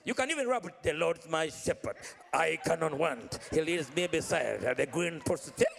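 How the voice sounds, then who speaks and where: A man's voice: a little high, animated, moderate pace, gravelly, a bit bright. A man preaching a live sermon, exhorting the congregation, repeating phrases and leading them in call-and-response chants. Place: large church hall. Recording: long reverb of a large hall.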